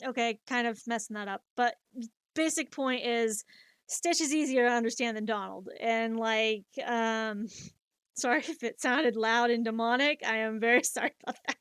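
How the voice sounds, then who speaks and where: Woman streamer in her thirties, casual storyteller; clear, slightly high voice, dry sound, rambling with fillers. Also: moderate pace, a bit bright, no room sound. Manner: rambling, many fillers and restarts, laughs at herself.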